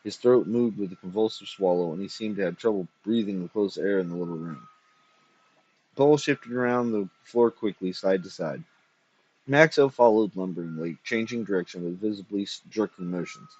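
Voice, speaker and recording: A man giving a dramatic story reading in a steady, measured way with a husky voice. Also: deep voice. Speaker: reader. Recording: dull lo-fi recording.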